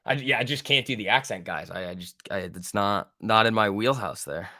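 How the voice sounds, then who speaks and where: At a normal speed, a man with a lowish, bright and forceful voice runs a live trading stream, thinking aloud as he reads the market in a casual way with occasional swearing. The sound is clean studio audio without echo.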